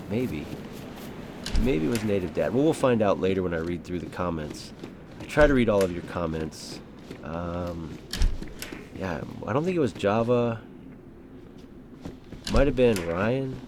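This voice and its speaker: Casting: low-pitched man, rambling easygoing gaming host, game noise audible underneath. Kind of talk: casual gameplay commentary.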